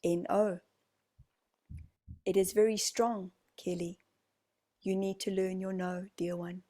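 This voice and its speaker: A woman with a New Zealand accent leading a channeled group session, speaking slowly and formally as "we". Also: medium pitch, fairly even intonation. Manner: slow, soft, formal speech speaking as "we".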